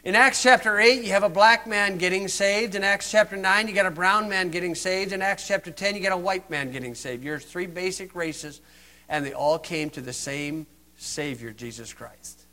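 An older man from the United States delivers a sermon in a high voice. He mocks with heavy sarcasm and swings between loud emphasis and quiet, earnest asides. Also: normal speed. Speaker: preacher.

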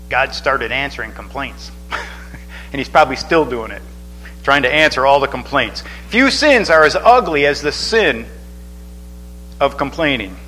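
A man's voice: a little high, pushed and bright, poor audio. A man preaching a sermon in a loose, chatty way, with many restarts and asides. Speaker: pastor.

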